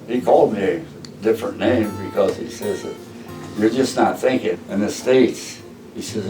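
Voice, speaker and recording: A man's voice: lowish voice, moderate pace, long pauses, echoey room, recorded from a distance, over music, low-quality recording. Older man telling war memories. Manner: plainspoken, repeats "he says" while retelling dialogue. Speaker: veteran interviewee. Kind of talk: oral history storytelling.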